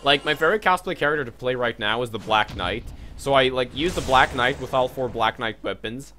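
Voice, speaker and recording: A man's voice: mid-range voice, fairly quick, bright, forceful tone. Joking young man streaming a game. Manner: loose and joking, swears, many fillers. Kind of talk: casual live-stream commentary.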